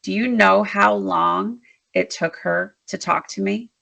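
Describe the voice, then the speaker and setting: A woman interview guest, a leadership strategist, telling work stories in an animated, emphatic way. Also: mid-range voice, slow pace, creaky. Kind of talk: storytelling in a conversational interview.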